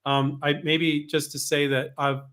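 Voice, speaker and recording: Candid, animated man giving advice. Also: on the high side, measured pace, clear, resonant tone. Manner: candid, animated, with frequent restarts and mild cursing. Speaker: host, invention licensing coach. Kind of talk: casual advice talk.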